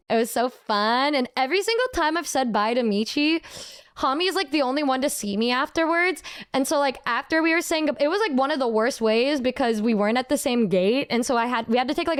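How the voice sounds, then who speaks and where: A woman's voice: fairly high pitch, clean tone. A young woman in her twenties chatting casually with her stream viewers, bubbly and rambling, repeating words as she goes.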